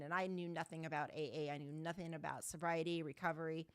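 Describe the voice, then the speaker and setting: A middle-aged woman from Southern California tells her recovery story to an online meeting. Her voice sits low, and she speaks candidly and bluntly, with casual swearing. The sound is dry and close, with no room echo. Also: steady tone, quick pace, clean tone. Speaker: guest speaker. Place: online video call meeting.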